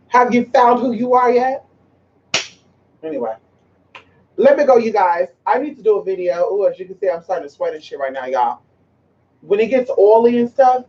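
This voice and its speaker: A man's voice: high voice, expressive, moderate pace, mellow, far from the mic. A man vlogging at home in a sassy, chatty way, talking straight to his viewers and to his pet. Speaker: spiritual vlogger. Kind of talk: casual vlog chat to viewers. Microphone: camera mic. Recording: muffled camera audio from off the mic.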